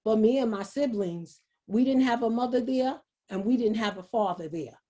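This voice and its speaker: A woman speaks over a video call in an earnest, halting way, often starting over and repeating herself. Her voice sits a bit high and sounds husky. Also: dark tone. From New York, USA. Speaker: guest speaker. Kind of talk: emotional personal testimony.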